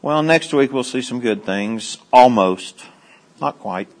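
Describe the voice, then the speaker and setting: Speaking slowly, this middle-aged Bible study teacher drifts between hushed side comments and bursts of high, animated storytelling.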